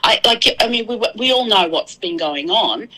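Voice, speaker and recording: Earnest Australian woman guest, bright and forceful, restarts her sentences. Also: medium pitch, animated, poor audio. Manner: earnest, halting, many restarts. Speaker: guest commentator. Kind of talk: casual talk show discussion.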